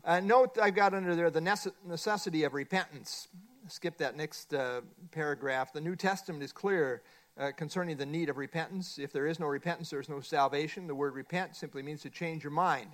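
A middle-aged man leads a Bible study lesson, walking his class through a workbook page by page. His voice sits a little high for a man, and he presses hard on his main points, saying them again and again. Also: a little fast. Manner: emphatic, repeats key points. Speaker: Bible teacher.

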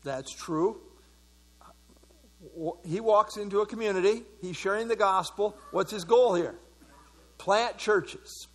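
A man's voice: high-pitched, fairly even intonation, normal speed. A man leading an evening Bible study, talking conversationally, full of fillers and putting questions to the audience. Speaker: pastor.

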